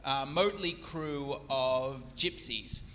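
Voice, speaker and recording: A man's voice: mid-range voice, slow pace, bright, forceful tone, big-room sound, slight background noise. A man narrating a tabletop game as game master, with hesitant fillers as he describes scenes.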